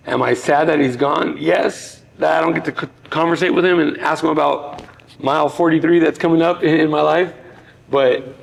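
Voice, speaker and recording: Podcast guest, middle-aged man, gravelly voice, earnest and reflective storyteller. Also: mid-range voice, rough recording. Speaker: podcast guest, former boxer. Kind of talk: personal storytelling in conversation.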